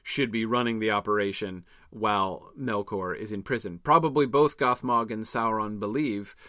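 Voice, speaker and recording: A man's voice: on the low side, moderate pace, sharp tone, dry recording, clean studio sound. A man co-hosting a casual discussion, thinking aloud in long rambling runs full of fillers and restarts. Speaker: podcast co-host.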